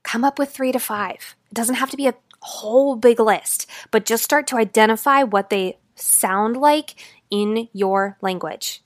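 A woman life coach talking straight to her listeners in a podcast monologue, swinging between fast, loud stretches and slow, quiet ones. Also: a little high, no echo, clean studio sound.

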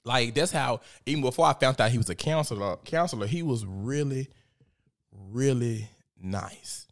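A man's voice: medium pitch, normal speed. A man giving casual, profane, gossipy commentary as host, often laughing.

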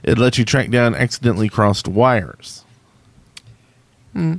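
A man's voice: medium pitch, lively intonation, unhurried, gravelly, dry recording. Blunt man on a gaming podcast. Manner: blunt opinions. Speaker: podcast co-host. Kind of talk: casual gaming chat.

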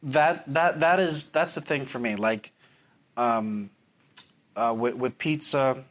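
A man's voice: mid-range voice, takes it slowly, fairly bright tone. A man in casual conversation who stumbles and repeats words, then argues playfully over how words are said. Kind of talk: casual banter.

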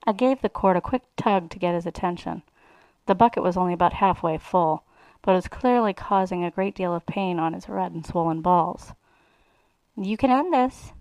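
A woman's voice: fairly low pitch, steady tone, a little fast, darkish tone, smooth, no room sound, poor audio. A woman reading a first-person erotic story aloud in a sly, relishing way. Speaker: reader.

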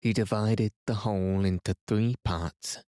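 A man reading a classic novel aloud as a calm bedtime story, soft and even. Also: on the low side, unhurried, dry recording, studio quality.

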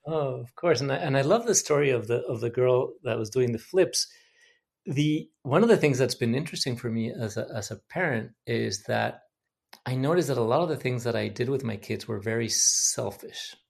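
A man's voice: medium pitch, normal speed, gravelly, darkish tone. A man from Mexico speaks as a podcast guest in an earnest, candid way. He reflects openly on his own habits as a parent and keeps a mid-range voice. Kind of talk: reflective personal storytelling.

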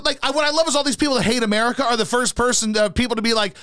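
Ranting and swearing constantly, a man in his thirties holds forth on his casual podcast. He speaks quickly in a very high, sing-song, sharp voice with few pauses, recorded without echo.

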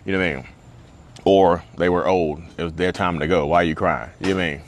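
A man's voice: low-pitched, steady tone, fast talker. A man talking casually to camera outdoors at a beach, rambling and conversational with lots of fillers. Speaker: vlogger.

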